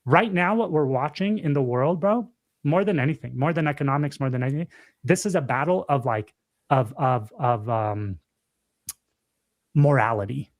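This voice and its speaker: A young man in casual podcast chat, pressing his points hard and saying them twice. He drops dude and bro as he goes, with an ordinary middle pitch. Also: normal speed. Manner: emphatic, repeats himself, says dude and bro. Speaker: podcast co-host.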